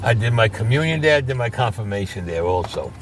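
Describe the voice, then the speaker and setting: A man's voice: lowish voice, animated, quick pace, slight background noise. Older New man telling a story. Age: 70s. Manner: emphatic, repeats key phrases. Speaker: interviewee. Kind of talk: recounting a memory on location.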